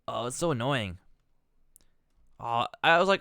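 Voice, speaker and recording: A man's voice: medium pitch, expressive, measured pace, gravelly, sharp tone, clean tone, no echo, clean studio sound. Profane, exasperated male streamer. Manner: rambling, self-interrupting. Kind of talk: live-stream commentary.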